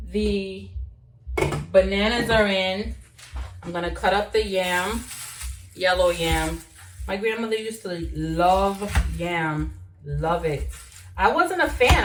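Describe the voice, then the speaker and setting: A woman's voice: mid-range voice, roomy sound, far from the mic, a little hiss or hum, rough recording. A young woman born in Jamaica, chatting casually while she cooks and trying out patois phrases. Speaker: cooking vlogger. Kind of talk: casual chat while cooking.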